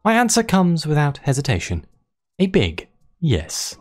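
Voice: mid-range voice, wildly swooping pitch, measured pace, darkish tone, soft background music. A let's play host chatting casually while playing and reading the game's story text aloud. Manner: chatty, musing, reads narration aloud.

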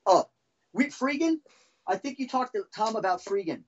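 A man's voice: high-pitched, lively intonation, moderate pace, noisy background. Middle-aged guy ranting thru old band stories, swears a lot, muffled lo-fi sound. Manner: profane, heated and rambling. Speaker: podcast guest, former band drummer. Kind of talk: casual storytelling.

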